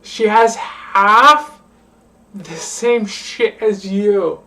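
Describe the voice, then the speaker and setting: A woman's voice: medium pitch, drawn-out words, sharp tone. Drunk young woman rambling off-mic. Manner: slurring, profane, repeats a phrase over and over. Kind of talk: rambling late-night vlog rant. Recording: voice distant from the mic.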